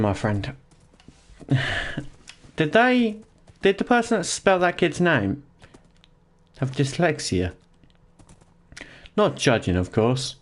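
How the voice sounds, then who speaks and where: Joking man streaming from his office. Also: mid-range voice. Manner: joking, rambling, laughs often, talks to chat. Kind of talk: casual live-stream chat while gaming. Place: home office.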